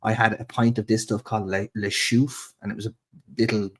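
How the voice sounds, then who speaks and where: A man's voice: lowish voice, level tone, fairly quick. A man co-hosting a football podcast, laid-back, swearing casually and laughing easily. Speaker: podcast co-host.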